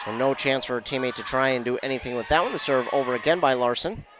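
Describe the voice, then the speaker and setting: A man delivers fast, excitable play-by-play for a high school volleyball match, shouting whenever there's a big play, with background noise audible behind him.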